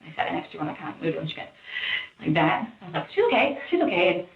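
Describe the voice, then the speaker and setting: A woman recounting events in a rambling, halting way, often quoting others in a raised voice, heard on distant interview-room audio. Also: deep voice, flat delivery, gravelly, reverberant, muffled recording. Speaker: interviewee in police interrogation footage.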